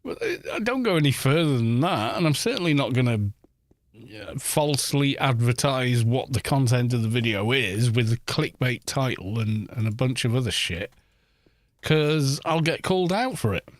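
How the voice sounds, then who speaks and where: A man's voice: medium pitch, expressive, moderate pace, dry recording, studio quality. A man streaming a game, giving casual, rambling commentary that is blunt and full of swearing. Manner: blunt, swears freely, ranting; rambling with frequent "you know". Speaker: gaming YouTuber streaming. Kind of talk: casual live-stream commentary while playing.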